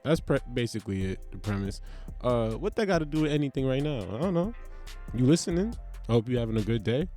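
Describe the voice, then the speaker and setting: A man's voice: mid-range voice, animated, fast, warm tone, faint music behind. A young man hosting a podcast in loose, profane, rambling casual chat that jumps from topic to topic. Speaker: podcast host.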